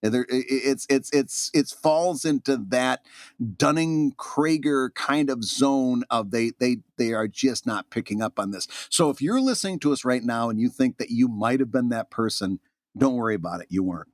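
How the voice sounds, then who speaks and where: A man's voice: medium pitch, normal speed, dry recording, studio quality. A man co-hosting a podcast in casual chat, earnest and reassuring, often restarting his sentences. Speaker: podcast co-host.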